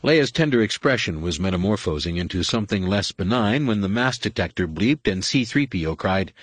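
A man narrating an audiobook in a steady, measured storytelling manner. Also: fairly low pitch, breathy edge, no room sound. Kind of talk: scripted narration.

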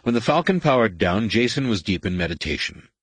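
A male audiobook narrator with a low, husky voice, recorded close and dry. He tells the story steadily and evenly, in a measured way. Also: sing-song, no room sound. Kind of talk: scripted narration.

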